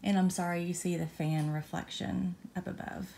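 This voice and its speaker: This fairly low, steady female voice moves at a normal speed, mellow and touched with vocal fry, against slight background noise. She's showing off her cross-stitch in a casual, rambling chat full of fillers and self-corrections, out on a condo balcony by the beach.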